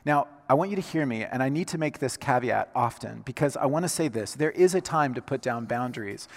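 A man preaching a sermon, moving between hushed, slow lines and loud, emphatic passages. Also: medium pitch, animated. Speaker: pastor. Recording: reverberant hall sound.

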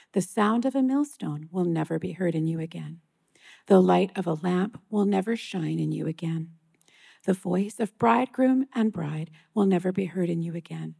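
A woman reading a scripture passage aloud in a church service, measured and solemn, slowing on key lines. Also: medium pitch, gravelly, darkish tone, breathy edge. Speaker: scripture reader.

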